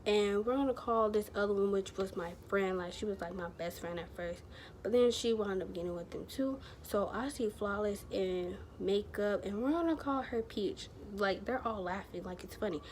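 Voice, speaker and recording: A woman's voice: medium pitch, normal speed, darkish tone, a little hiss or hum. A woman vlogger telling a personal story to camera, rambling and chatty, full of fillers and slang.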